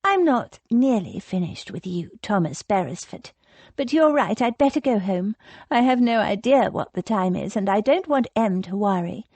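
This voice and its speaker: A spirited young noblewoman, eager and pressing, with a lively, swooping pitch, as a woman narrator puts her on. The voice is a little husky and close to a dry mic. It is a slow audiobook reading. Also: no room sound, close to an everyday voice.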